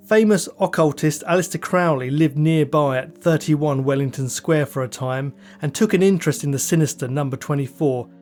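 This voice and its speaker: A man narrates true crime for his podcast in a measured, dry, scripted delivery, dropping in the occasional wry aside. His voice sits a touch higher than most men's. A soft music bed runs quietly beneath him. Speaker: podcast host.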